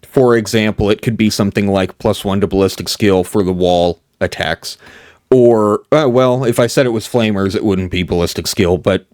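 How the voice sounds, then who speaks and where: Low-voiced man musing over game rules. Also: moderate pace, a little mellow, no room sound, studio quality. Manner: thinks aloud, loose and conversational. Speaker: host. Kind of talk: casual explainer of tabletop game house rules.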